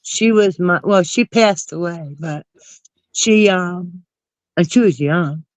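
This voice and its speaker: A woman with a New Jersey accent and a cold, rambling through casual gossip with animated asides. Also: on the low side, takes it slowly, no echo, rough recording. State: has a cold. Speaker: chat participant.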